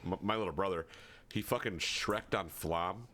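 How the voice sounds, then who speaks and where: A man's voice: sits low, normal speed, bright, forceful tone. A congested man co-hosting a casual gaming podcast, laid back and swearing casually. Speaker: podcast co-host.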